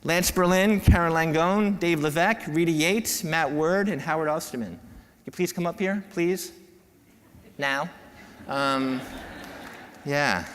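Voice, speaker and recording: A man giving an emotional conference talk, heartfelt and halting, often repeating words and restarting. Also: on the high side, fairly bright tone, slight background noise. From New York. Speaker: podiatrist giving a keynote talk. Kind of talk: emotional speech to a conference audience. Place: large conference hall. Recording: long hall reverb.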